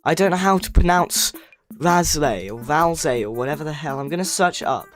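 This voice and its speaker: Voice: medium pitch, lively intonation, brisk, faint music behind. A livestreamer chatting casually, rambling, correcting themself and reading chat messages aloud. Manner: self-correcting, stumbles over words.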